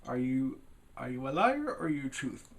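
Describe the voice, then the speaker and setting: A man voicing a blustering old pirate, gruff and loud. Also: mid-range voice, big pitch swings, moderate pace.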